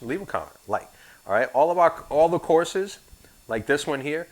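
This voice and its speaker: A man's voice: lowish voice, fairly bright tone. A man teaching an insurance course in a recorded class, with sarcastic, joking asides.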